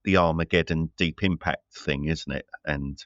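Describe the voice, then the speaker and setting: Guy rambling on about movies, deep voice, lots of ums, dry room. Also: steady tone, normal speed, fairly bright tone, no echo, lo-fi sound. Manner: rambling, many fillers and restarts. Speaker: podcast co-host. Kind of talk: casual film review chat.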